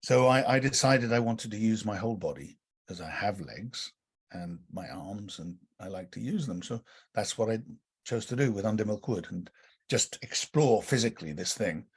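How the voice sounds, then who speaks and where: A husky man with a lowish voice, chatting as a guest on an interview show. He rambles along, restarting his sentences and dropping in plenty of fillers as he thinks aloud. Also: expressive, moderate pace. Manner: rambling, with frequent restarts and "you know". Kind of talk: casual interview chat.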